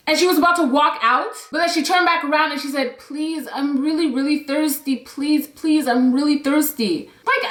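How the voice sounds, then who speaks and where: A young adult woman telling a personal story in a chatty, animated vlog style, acting out the quotes. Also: sits high, roomy sound. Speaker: YouTuber.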